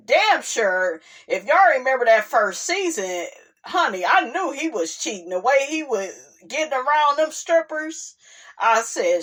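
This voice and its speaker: A woman recapping a reality show in a slow, unhurried delivery. She is blunt and sassy, swears freely, and punctuates her points with "okay?" and "honey". It sounds like a casual talking-to-camera vlog. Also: medium pitch, a bit bright. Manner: emphatic asides like "okay?" and "honey".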